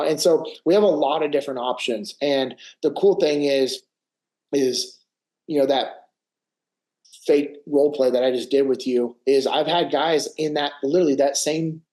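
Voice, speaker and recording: A man's voice: a little high, low-quality recording. A middle-aged man, a former Navy SEAL, talking as a podcast guest in a casual interview, telling stories animatedly and dropping "bro" and "man" constantly. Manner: animated storyteller peppering speech with "bro" and "man".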